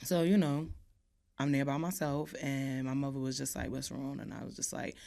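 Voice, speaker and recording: Gravelly-voiced woman telling a personal story. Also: rumbling low, steady tone, normal speed. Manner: casual storyteller who acts out quotes, often trailing off softly. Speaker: podcast guest.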